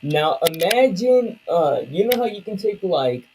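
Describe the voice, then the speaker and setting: A male streamer who drawls slowly through loose, slangy chat with his viewers. His voice is gravelly and husky, with a dark, mellow tone that sits somewhat high. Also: sing-song, a little hiss or hum, rough recording. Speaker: live streamer. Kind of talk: casual chat.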